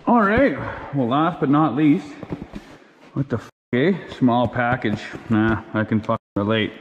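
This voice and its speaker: A rowdy man rattles off crude, swear-filled banter as he opens packages. His voice sits at a middling pitch. It rings with a long reverb and a faint background hiss, like a garage. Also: measured pace, lo-fi sound. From Canada. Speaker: channel host. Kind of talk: casual unboxing vlog.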